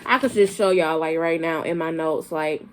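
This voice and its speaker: A woman's voice: deep voice, normal speed, slight background noise. Young woman with a country twang. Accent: Southern US country accent. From Flint, Michigan, raised in Arkansas. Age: young adult. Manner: rambling, many fillers and restarts. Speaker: vlogger. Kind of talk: casual chat to camera.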